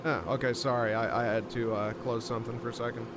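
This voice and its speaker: A man's voice: medium pitch, little pitch movement, fast, background noise. Rambling, cursing streamer guy. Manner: rambling and profane, with frequent fillers. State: frustrated by buffering. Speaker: streamer reacting to videos. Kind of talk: casual live-stream chat.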